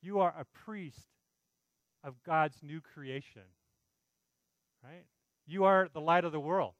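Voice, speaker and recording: Earnest man preaching, slightly higher voice. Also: slow, dry recording, lo-fi sound. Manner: earnest, pleading, conversational preaching with frequent "right?" asides. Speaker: pastor. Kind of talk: sermon.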